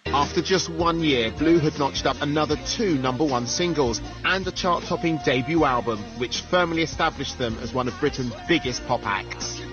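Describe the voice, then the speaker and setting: A man reading scripted voice-over narration for a TV documentary in a wry, measured manner. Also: a little high. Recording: dull TV audio under loud music. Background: music.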